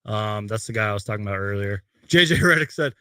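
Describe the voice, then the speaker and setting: A young man hosting a post-game fan rant from his bedroom, emotional and halting, choked up as he reads tweets aloud to a webcam. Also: lowish voice, lively intonation, sharp tone, clean tone, no echo. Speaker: host. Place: bedroom at home.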